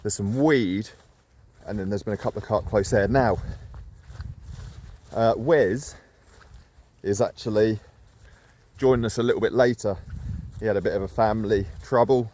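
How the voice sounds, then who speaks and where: A fairly low-voiced man rambles in an easy, self-deprecating way while he walks outdoors, slightly out of breath. Faint open-air noise sits under his voice. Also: normal speed, long pauses, dark tone. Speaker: carp fishing vlogger. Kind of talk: casual walk-and-talk vlog. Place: outdoors by a lake.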